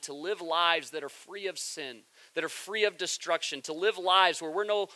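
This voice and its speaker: A man preaching a sermon with a very bright, forceful tone and a fairly high voice. He stumbles over repeated words as he builds up and loudly acts out the voices of a crowd. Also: no room sound, rough recording. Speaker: pastor. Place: church.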